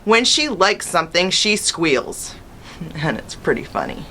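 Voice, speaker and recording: A woman teacher reads a children's chapter book aloud, telling the story in an expressive first person. Her voice sits on the low side but sounds bright and crisp. She keeps the story moving. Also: a little slow, slight background noise.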